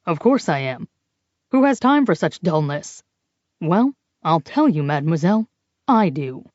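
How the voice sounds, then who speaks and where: Lady narrator doing a low dry know-it-all forger guy, talks right over people, mellow tone. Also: sing-song, no echo, muffled recording. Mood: dry, condescending. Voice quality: condescending, brisk, talks over others. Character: sharp-witted brisk man, a forger. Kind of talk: audiobook character voice.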